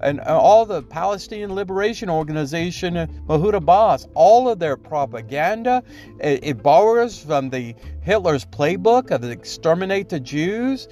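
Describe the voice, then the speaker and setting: A man's voice: high-pitched, expressive, moderate pace, a little mellow. A man with a slightly raised voice holds forth alone on his podcast, rambling and indignant. He keeps checking in with "okay?" and stumbles through fillers and restarts, with faint music under him. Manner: rambling, tags points with "okay?". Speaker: podcast host. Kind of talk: solo opinion commentary.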